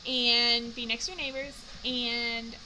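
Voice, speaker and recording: A young woman talking quickly and bubbly to a close friend. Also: a little high, flat delivery, background noise.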